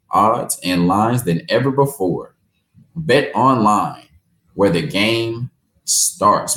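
A man hosting a daily sports podcast, talking casually and ranting in animated disbelief. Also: fairly low pitch, reverberant, low-quality recording. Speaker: podcast host.

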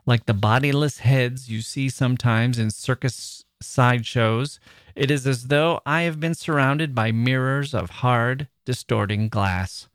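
A man reading a novel aloud in the first person, measured and expressive. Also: medium pitch, clear, resonant tone, no echo, studio quality. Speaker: reader.

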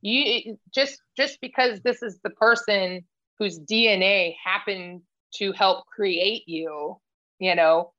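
A woman's voice: medium pitch, slow, bright, forceful tone, muffled recording. A woman guest in a casual interview, speaking candidly and earnestly, with frequent fillers and restarts. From United States. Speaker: podcast guest, Marine veteran.

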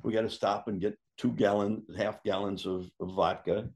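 A man telling a casual anecdote, animated and jumping up in pitch when he acts out what others said. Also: moderate pace. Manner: animated, acts out quoted voices with big pitch jumps. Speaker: storyteller guest.

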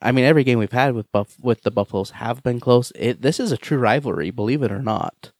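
Host: man, mid pitch, steady segment-leading delivery, sports talk, dry mic. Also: quick pace, no echo.

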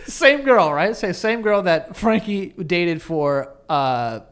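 A man's voice: high voice, expressive, slow pace, a bit bright, smooth. A man in his thirties co-hosting a podcast, telling laid-back stories in casual chat and acting out the voices of the people in them. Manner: laid-back storyteller, acts out quotes. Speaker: podcast co-host.

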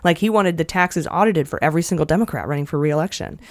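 A woman's voice: deep voice, quick pace, dry recording, studio quality. Wry woman hosting a news podcast. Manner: wry, jokey news rundown. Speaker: podcast host. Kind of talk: casual news podcast chat.

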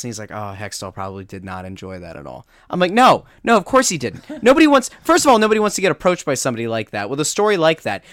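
A man's voice: high-pitched, no echo. Guy on a sports podcast telling a story, voice bouncing all over, dry close mic. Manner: animated storytelling with many restarts. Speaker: podcast co-host. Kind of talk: casual sports chat.

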